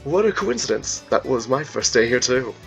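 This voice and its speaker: A man voicing a big, friendly furry man with an attempted British accent, calm and kindly reassuring. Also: mid-range voice, normal speed, gravelly, faint music behind. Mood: curious.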